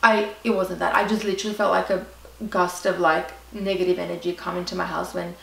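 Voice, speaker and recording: A young Australian woman rattles through a dramatic storytime, full of "like" and quick asides, with a gravelly edge to her voice. She is recorded in an echoey room with the mic set back, and a faint hiss sits underneath. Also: mid-range voice, fairly even intonation, fairly bright tone, far from the mic. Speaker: vlogger. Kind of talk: storytime vlog.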